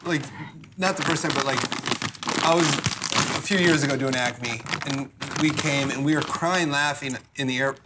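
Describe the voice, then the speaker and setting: A man's voice: mid-range voice, normal speed, heavy background noise. A man guest on a cooking show, rambling through stories with casual swearing. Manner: rambling, swearing comic delivery. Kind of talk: casual chat.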